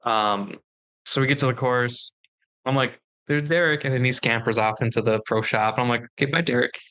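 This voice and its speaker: A young man co-hosting a podcast tells a story during casual chat, acting out the dialogue. His voice is medium in pitch, bright and forceful, at a normal speed.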